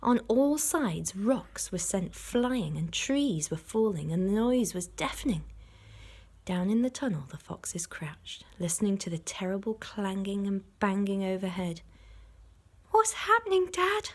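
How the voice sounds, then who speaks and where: A woman, a primary school teacher, reading a storybook aloud to children in an expressive way, stopping to explain words. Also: mid-range voice, measured pace.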